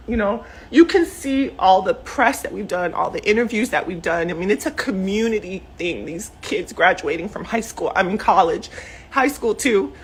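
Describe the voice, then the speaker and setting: A woman's voice: mid-range voice, animated, moderate pace, husky. A middle-aged mother speaking emotionally and heatedly to camera from her living room, rambling with many fillers. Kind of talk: emotional direct-to-camera statement. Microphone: self-recorded camera video.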